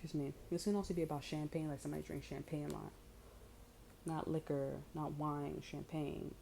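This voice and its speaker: A woman's voice: low voice, fairly even intonation, a little fast, vocal fry, mellow, a little hiss or hum, poor audio. A woman giving a casual tarot reading. She talks bluntly and chattily, with frequent swearing and many fillers. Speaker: tarot reader.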